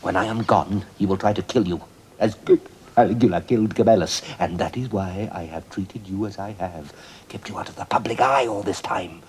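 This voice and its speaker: An actor playing an aging Roman emperor and father in a 1970s television period drama, speaking earnestly and haltingly. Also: on the low side, darkish tone, slight background noise, close to an everyday voice. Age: older.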